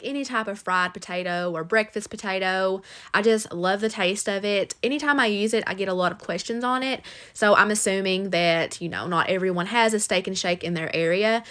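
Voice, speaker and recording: A woman's voice: mid-range voice, a bit bright. A woman, chatting enthusiastically in a casual voice-over about cooking dinner for her family. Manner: chatty and enthusiastic, with likes and ums. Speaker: cooking vlogger.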